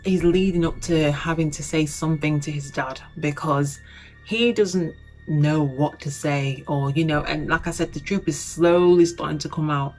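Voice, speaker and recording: A young woman with a low voice tells a story in a loose, chatty way and keeps saying you know and like. She acts out what people said as she goes. Faint music plays underneath. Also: moderate pace, a little mellow, poor audio. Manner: chatty, acts out quotes with lots of you-knows and likes. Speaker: YouTuber. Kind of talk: casual retelling of a documentary.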